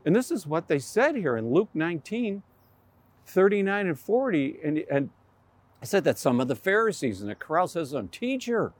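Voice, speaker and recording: A male pastor preaching a sermon, telling the story with animated energy and acting out the voices of the crowd. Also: on the high side, moderate pace.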